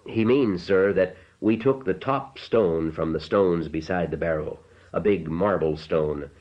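A man's voice: deep voice, unhurried, muffled recording. A man voicing a polite, deferential villager explaining himself.

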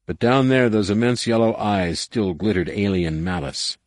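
A man reading an audiobook in a measured, dramatic narration. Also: lowish voice, animated, no room sound, clean studio sound. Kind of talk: scripted narration.

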